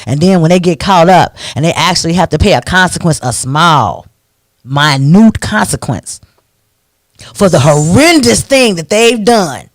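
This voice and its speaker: A man hosting a radio talk show, ranting in an animated, preachy way into a studio microphone. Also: fairly high pitch, unhurried, no room sound.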